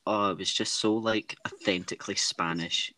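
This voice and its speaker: Scottish guy, young, lowish voice, chatty podcast host keeping things moving. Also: fairly even intonation, normal speed, pushed and bright, no echo. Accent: Scottish, west of Scotland. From Scotland. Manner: enthusiastic, keeps the talk on track. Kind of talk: casual chat.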